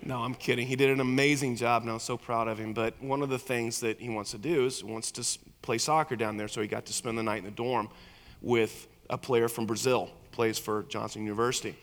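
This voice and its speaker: A man's voice: mid-range voice, steady tone, brisk, fairly bright tone. A middle-aged man preaching a storytelling sermon in a church, earnest and repeating words as he builds emphasis. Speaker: pastor. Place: church sanctuary. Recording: echoey hall reverb.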